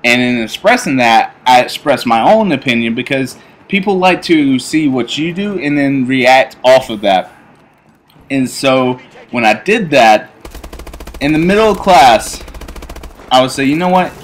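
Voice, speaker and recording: A man's voice: medium pitch, unhurried. Rambling young man telling a story. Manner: rambling, animated, many fillers and restarts. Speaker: YouTuber telling stories. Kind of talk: casual storytelling over gameplay.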